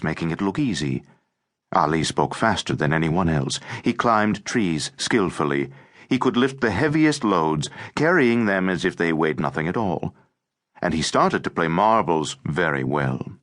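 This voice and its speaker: A male audiobook narrator with a very low voice that rises and falls a lot. He reads in a measured, expressive way, leaning into the images of the story. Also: no echo, studio quality. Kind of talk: scripted narration.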